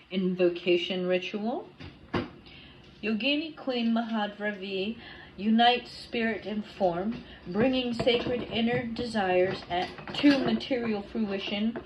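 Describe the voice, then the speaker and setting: A woman reading a tarot card aloud and guiding a ritual, slow and soft, with casual swearing between readings. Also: mid-range voice, background noise. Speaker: tarot reader.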